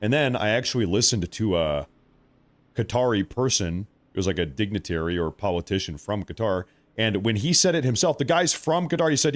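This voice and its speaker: A man's voice: fairly low pitch, fairly quick. A man hosting a live news commentary stream, talking in a conversational and emphatic way that repeats points for effect.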